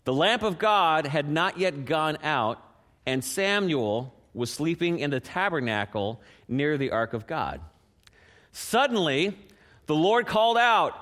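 A man preaching a sermon as pastor, animated and acting out the scripture voices, dropping to a soft hush for prayer. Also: a little high, unhurried.

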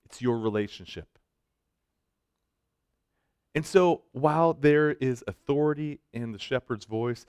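Guy preaching a sermon, smooth clear voice, dry close sound, goes loud then soft, cracks jokes. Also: medium pitch, measured pace, long pauses, no echo. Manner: swings between loud emphatic lines and soft hushed ones, with joking asides. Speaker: pastor speaking to students.

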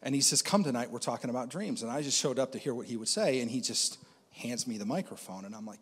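A man's voice: mid-range voice, lively intonation, quick pace. Guy telling a dream story, mid voice, acts out the quotes, laughs a lot, long echo on it. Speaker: dream interpreter. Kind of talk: conversational storytelling.

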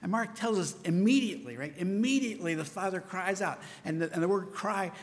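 Male pastor, earnest conversational preaching, slightly higher voice, long church-hall reverb. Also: a little fast. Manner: earnest, conversational preaching with frequent "right?" asides. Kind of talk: sermon.

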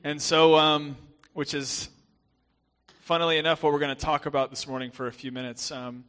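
A young man preaching with a bright, forceful voice set a little high. His softened Southern American accent colors a chatty sermon full of restarts and asides. He often pokes fun at himself. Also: flat delivery, moderate pace, clean tone. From southern United States. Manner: chatty and self-deprecating, with many fillers and restarts. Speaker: guest pastor.

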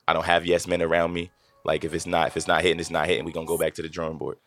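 A man's voice: deep voice, monotone, racing, a bit bright, a little hiss or hum. A man from Long Island, New York, a guest musician talking loosely in a casual interview and often repeating himself. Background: hip hop music.

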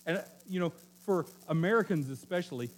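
A man's voice: sits high, animated, quick pace. Chatty joking male pastor. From Oklahoma. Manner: conversational, joking storyteller with self-corrections. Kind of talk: sermon.

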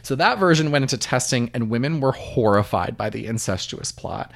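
A man co-hosting a casual podcast, recapping a movie plot in an animated, jokey, profane way. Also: medium pitch, a little fast, creaky. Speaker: podcast co-host.

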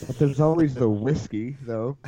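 A man co-hosting a casual podcast, making slow wisecracks at the guest. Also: medium pitch. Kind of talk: casual chat. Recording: dull lo-fi sound with crowd noise.

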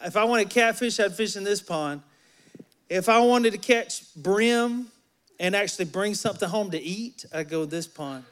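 A man's voice: sits high, fairly bright tone. A man from Alabama with a Southern accent preaching a sermon in a church, folksy and joking with the congregation. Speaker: pastor. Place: church sanctuary.

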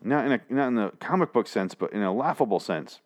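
A man's voice: medium pitch, expressive, quick pace. A man hosting a casual, rambling TV episode recap, full of swearing and restarts. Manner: profane, rambling, frequent restarts.

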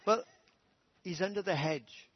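A man voicing a calm, hesitant young neighbour lad delivering bad news. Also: high-pitched, unhurried, slightly rough, lo-fi sound.

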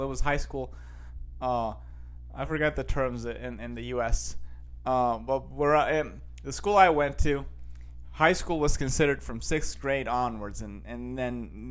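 A man's voice: mid-range voice, a bit bright. A young man from Costa Rica chatting casually as a show host, rambling with many fillers and restarts. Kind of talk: casual chat.

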